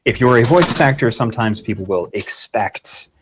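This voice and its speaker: A man's voice: medium pitch, animated, moderate pace, background noise. A man talking as a guest voice actor and game master, rambling and swearing casually in an interview.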